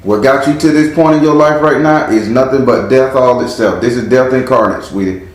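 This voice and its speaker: A man giving a casual spiritual tarot reading in a relaxed way, chanting words over and over as he reads the cards. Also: mid-range voice, brisk. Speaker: tarot card reader. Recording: very echoey room.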